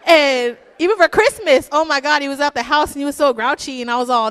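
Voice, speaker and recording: Fast and high-pitched with a fairly bright tone, a woman tells chatty stories in a lighthearted eulogy for her father during a church service, her words trailing in long church-hall reverb.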